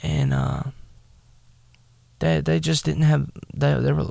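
A man leads a casual bible lesson in unhurried, halting speech. He fills his pauses with ums and uhs. His voice is deeply gravelly and sounds dry, right up on the mic. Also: big pitch swings, darkish tone, dry recording. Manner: casual, halting, with many fillers. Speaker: bible study teacher. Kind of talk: bible lesson, retelling scripture.

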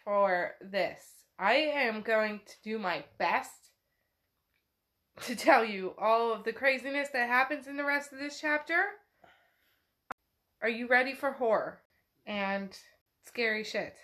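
A woman's voice: on the high side, slow, long pauses, fairly bright tone. A woman hosting a podcast, retelling and reading a novel in a chatty, casual way with swearing. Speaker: podcast host. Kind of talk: casual book recap and reading.

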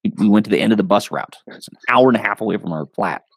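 A man, a podcast guest, telling stories in a loose, animated way, full of fillers and quick laughs. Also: on the low side, gravelly, husky, no echo. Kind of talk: casual storytelling.

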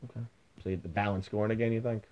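A man's voice: on the low side, steady tone, racing, no room sound. A middle-aged man hosting a sports podcast in casual chat, blunt and opinionated, swearing freely, on a dull lo-fi recording. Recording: dull lo-fi sound.

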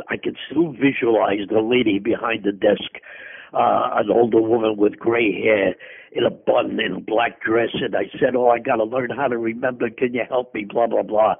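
Older male guest, gravelly and husky, rambling storyteller, tinny phone-line sound. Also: medium pitch. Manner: rambling, animated storytelling with tangents and self-corrections. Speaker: interview guest. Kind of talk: storytelling in a conversation.

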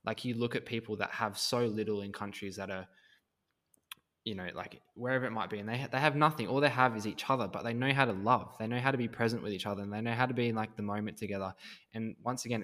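Man, podcast host, reflective, rambling, low voice, casual swearing. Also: fairly bright tone.

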